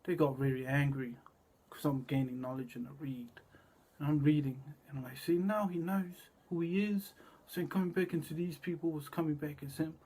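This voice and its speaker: A man delivering a rambling, cryptic monologue, repeating words and drifting between low murmurs and loud bursts. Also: steady tone, brisk, breathy edge.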